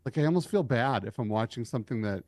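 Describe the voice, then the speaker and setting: A man's voice: mid-range voice, animated, fast, a little mellow, no echo, clean studio sound. A man co-hosting a podcast, talking casually and hesitantly with many restarts. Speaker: podcast co-host. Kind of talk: casual chat.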